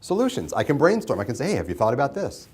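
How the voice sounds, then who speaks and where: A man's voice: mid-range voice, wildly swooping pitch, fast, a little mellow, breathy edge. Guy lecturing a mediation class, chatty, keeps quizzing the room and echoing answers. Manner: conversational, asks the class questions and repeats their answers. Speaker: mediation instructor.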